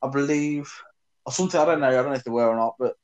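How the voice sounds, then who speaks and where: A man's voice: medium pitch, racing, rough recording. Offhand man in casual chat. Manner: offhand, swears, laughs a lot.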